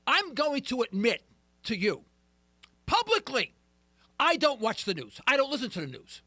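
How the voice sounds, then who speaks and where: Middle-aged guy ranting on talk radio, really high bright voice, super dry studio sound. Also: huge pitch swings, moderate pace, no echo. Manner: emphatic, ranting, self-deprecating. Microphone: studio mic.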